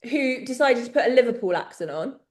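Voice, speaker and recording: A woman's voice: a little high, lively intonation, fairly quick, darkish tone, reverberant. An English woman co-hosting a podcast, telling stories in casual chat and laughing often. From England. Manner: chatty storyteller, laughs often. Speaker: podcast co-host.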